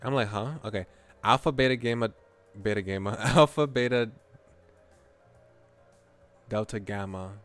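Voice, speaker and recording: A man's voice: fairly low pitch, normal speed, long pauses, clear, resonant tone, faint music behind. A man streaming as a VTuber, chatting casually and laughing while he plays a game. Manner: chatty, rambling, laughs often. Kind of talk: casual gameplay commentary.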